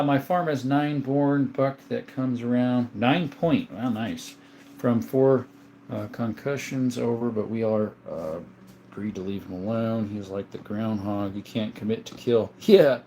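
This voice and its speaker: A man hosting a casual livestream from home, reading viewer comments aloud in an easygoing way, chuckling often and thinking out loud. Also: medium pitch, unhurried, slight background noise. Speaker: livestream host.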